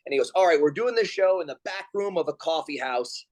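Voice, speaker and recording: A man's voice: on the high side, fairly quick. A man in his forties telling stories as a guest over a video call, acting out other people's lines in raised voices. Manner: animated storyteller acting out quotes in raised voices. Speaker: pro wrestler and comedian guest.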